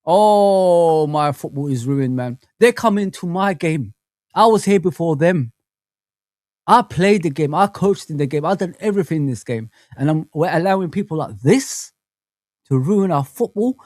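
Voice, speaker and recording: A man's voice: on the high side, animated, moderate pace, darkish tone, no room sound. A man hosting a live football fan stream, ranting with passion and repeating himself. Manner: impassioned, indignant, repeats himself. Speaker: host of a football fan channel. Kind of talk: live reaction rant.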